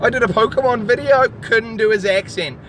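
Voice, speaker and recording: A man's voice: very high-pitched, fairly quick. A tipsy man vlogging in a car, rambling and joking crudely with a friend. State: tipsy from drinking. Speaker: vlogger host. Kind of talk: rambling casual banter. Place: in a car in city traffic. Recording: loud street traffic noise.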